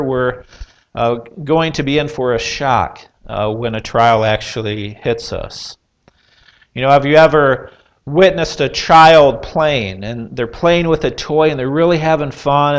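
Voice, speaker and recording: A man preaching a sermon, earnest and measured, putting rhetorical questions to his listeners with pauses and the odd filler. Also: a little high, clear, resonant tone. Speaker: pastor.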